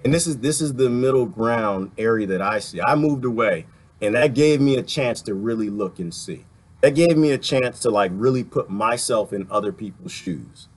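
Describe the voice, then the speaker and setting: A man's voice: mid-range voice, expressive, normal speed, breathy edge. A man from the Washington, D.C. area, ranting sarcastically in a livestream while reading viewer comments, laughing often between points.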